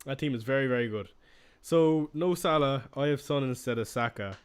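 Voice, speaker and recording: A young man hosts a casual live stream, talking loosely and answering viewers' questions as they come in. His voice sits at an ordinary middle pitch for a man. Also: normal speed, clean tone. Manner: chatty, reacting to viewer questions.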